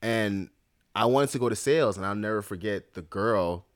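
A man's voice: on the low side, normal speed, dry recording, clean studio sound. A man in his late twenties, a podcast co-host telling a story in casual chat and acting out the quoted voices of the people in it. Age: late 20s. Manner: animated storyteller, acts out quoted dialogue.

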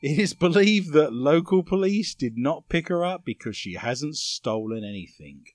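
A man's voice: a little high, expressive, moderate pace, dry recording. A man hosting a comedy podcast, reading odd news stories with dry jokey asides. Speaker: podcast host.

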